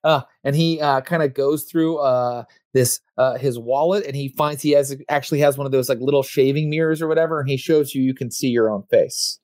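A man runs a tabletop game as its game master, halting often on fillers and breaking into laughs. His voice sits at an ordinary pitch. The recording is dry and close. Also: steady tone, a little mellow, no echo. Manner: hesitant, filler-heavy, easily amused.

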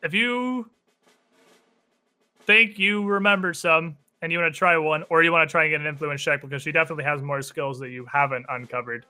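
A man narrating as game master of a tabletop role-playing game, in an animated, descriptive storytelling manner. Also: on the high side, fairly quick, clear, resonant tone, soft background music.

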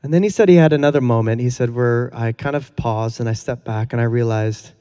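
A man's voice: medium pitch, fairly quick, dark tone, smooth, big-room sound. A man preaching a conversational sermon in a casual, earnest way, with fillers and chuckles. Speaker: pastor.

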